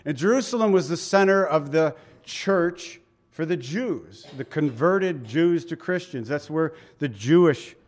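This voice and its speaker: A male pastor with a fairly high voice preaches in an animated, unhurried way. His conversational Bible-teaching sermon starts with prayer and moves into explaining scripture, with emphatic moments and asides along the way.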